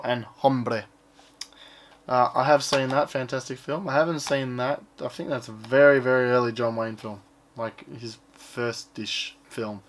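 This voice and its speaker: A man's voice: mid-range voice, fairly bright tone. A man chatting casually as he shows off his purchases, rambling and offhand and swearing now and then. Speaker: collector showing his purchases. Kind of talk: casual unboxing chat.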